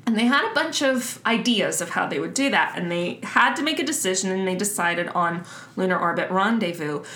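A woman's voice: mid-range voice, expressive, fairly quick, bright, forceful tone. Woman cohost rambling thru some space history, casual, fillers everywhere, echoey room. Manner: loose, chatty explaining with fillers. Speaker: podcast co-host. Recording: roomy echo.

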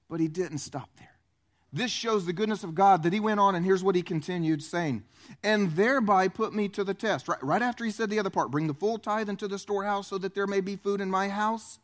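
A man pastor preaching a sermon, animated and acting out the voices he quotes. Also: high-pitched, a little fast.

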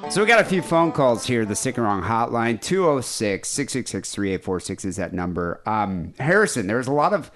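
A man's voice: medium pitch, very animated, a little fast, few pauses, a bit bright, faint music behind. A man co-hosting a crude comedy podcast, in casual chat, laughing often. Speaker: podcast co-host.

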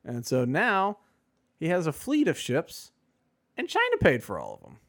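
A man's voice: on the high side, huge pitch swings, normal speed. A man co-hosting a podcast in casual chat, rambling and sarcastic with many fillers. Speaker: podcast co-host.

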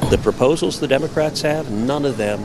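A senator in an outdoor news interview, evasive and dismissive. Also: male voice, medium pitch, fairly quick, crowd noise.

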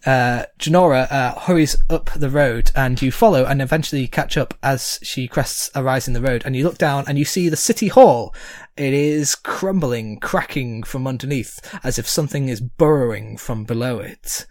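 A game master narrating a tabletop game in a relaxed, chatty way. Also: mid-range voice, normal speed, no room sound. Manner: relaxed, chatty, laughs often.

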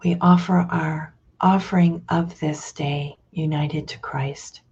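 A woman reads scripture, reflects on it and leads a prayer, slow and thoughtful, with hesitant restarts. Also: deep voice, fairly even intonation, darkish tone, breathy edge, lo-fi sound. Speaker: prayer leader.

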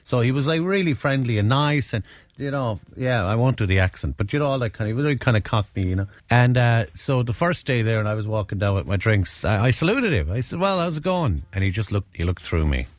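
A man's voice: medium pitch, expressive, fast talker, dry recording. An Irish man telling a holiday story in casual chat, rambling and self-interrupting, often laughing at his own tale.

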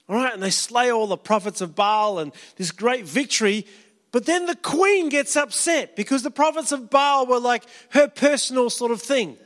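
A man's voice: very high voice, fairly bright tone, long reverb tail. A man preaching a sermon as a pastor, telling Bible stories in a casual, chatty way and acting out the quotes. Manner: casual, storytelling, acts out quotes.

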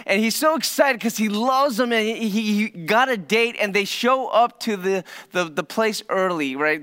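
Male pastor, higher voice, resonant tone; dramatic sermon storyteller with hushed pauses. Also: clear, resonant tone.

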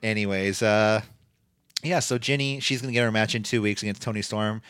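A man's voice: fairly low pitch, steady tone, a little fast, fairly bright tone, smooth, dry recording, clean studio sound. A man casually recapping wrestling matches as a podcast host, talking in loose play-by-play full of fillers and restarts. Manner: rambling, filler-heavy play-by-play with frequent restarts. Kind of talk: casual chat.

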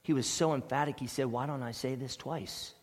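A man preaching a sermon as pastor, emphatic, swinging between loud stressed words and quiet low asides. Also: steady tone, fairly quick, big-room sound. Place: church sanctuary.

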